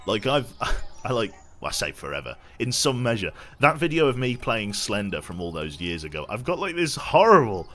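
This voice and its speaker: A man's voice: medium pitch, fairly bright tone. A young man from England with a posh English accent, chatting casually with his viewers while streaming a game, self-deprecating and reading chat aloud.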